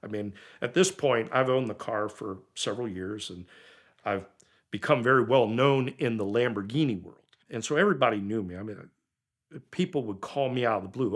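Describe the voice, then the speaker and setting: A middle-aged man with a fairly low voice tells a personal story in a relaxed, chatty way. He gets animated and slips into other people's voices when he quotes them. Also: fairly quick. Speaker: car owner telling his story. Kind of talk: casual storytelling.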